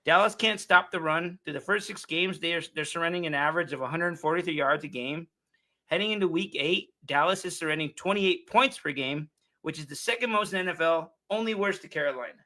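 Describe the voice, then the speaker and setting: A man's voice: a little high, fast, sharp tone. A man co-hosting a casual sports talk show, blunt and laughing often as he reads out keys and stats. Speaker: show co-host.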